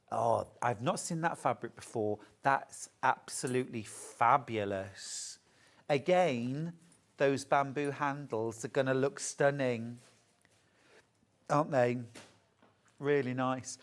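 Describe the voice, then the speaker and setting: Low-voiced British woman, middle-aged, chatty live shopping-channel host. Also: a little mellow. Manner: chatty, gushing over fabrics.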